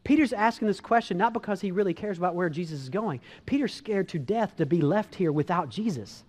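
A man preaching a sermon as a pastor, talking in a conversational, animated way with frequent restarts. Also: sits high, brisk, big-room sound.

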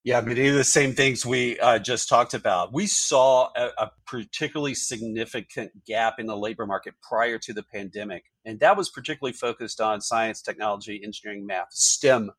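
A man, an HR executive, answering podcast interview questions in a measured, corporate way with frequent fillers. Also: mid-range voice, a bit bright, no echo. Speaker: HR executive guest.

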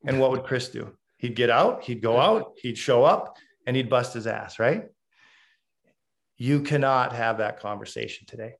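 A man's voice: medium pitch, animated, moderate pace, gravelly. A middle-aged man, a former hockey coach, telling stories bluntly and with emphasis in an interview. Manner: emphatic storyteller; blunt and direct. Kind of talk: casual interview talk.

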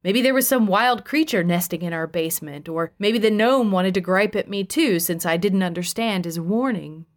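A woman's voice: medium pitch, normal speed, hardly any pauses. Woman narrating a wry first-person story. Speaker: audiobook narrator.

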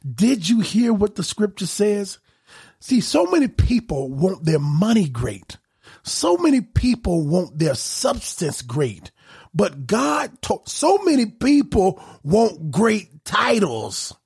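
A man preaching a sermon in an emphatic style, rising to shouts on key points. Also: a little high, slightly rough.

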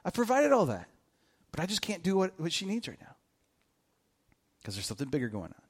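A male pastor delivers a conversational sermon in church, speaking straight to the congregation. His voice sits a little high for a man. He is earnest and leans on repeated questions to press his point. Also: wildly swooping pitch, fairly quick, husky. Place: church service before a congregation.

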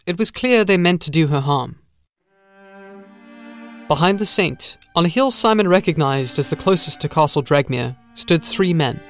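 A man narrating a gothic horror story in a measured, scripted audiobook style. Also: a little high, a bit bright.

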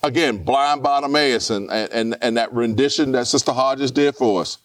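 A man's voice: medium pitch, normal speed, dry recording, recorded from a distance. A man, preaching a live sermon as pastor in a church, who repeats his points and puts rhetorical questions to the congregation.

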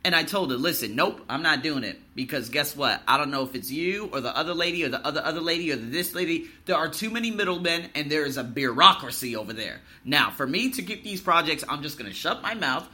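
Casting: male podcast host, very bright, sharp-edged tone, heated profane rant, slightly higher pitch. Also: lively intonation, fast talker, hardly any pauses. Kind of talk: solo podcast monologue.

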